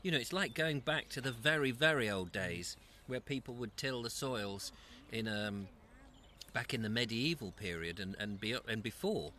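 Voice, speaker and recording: A man's voice: mid-range voice, animated, normal speed, bright, forceful tone, a little hiss or hum. A man hosting a casual live stream at an allotment, chatting and reading out viewer comments between mouthfuls. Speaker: host. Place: outdoors at an allotment. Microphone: lapel mic.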